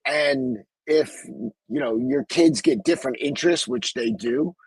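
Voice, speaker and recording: Profane rambling podcast host, husky man. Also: on the high side, wildly swooping pitch, measured pace, dry recording, low-quality recording. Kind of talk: casual podcast chat.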